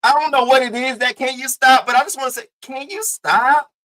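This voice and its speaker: A man riffs to his live-stream chat in a bright, forward voice. He talks loose and animated, swearing freely and mocking the people he talks about. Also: very high-pitched, fast, low-quality recording. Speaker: commentary streamer. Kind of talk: casual commentary talking to a live chat.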